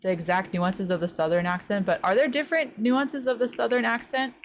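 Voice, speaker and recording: A young American woman from the West Coast, streaming a game and chatting casually, full of "like" fillers and quick gasps and squeals. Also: medium pitch, fairly even intonation, slight background noise. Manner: chatty, says "like" a lot, startled gasps and squeals while playing. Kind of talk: casual chat while gaming.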